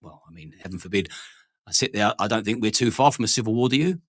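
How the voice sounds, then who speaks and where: A man's voice: on the low side, animated, fast talker, a bit bright, breathy edge, dry recording, clean studio sound. A man, interviewing in a plain-spoken, conversational way.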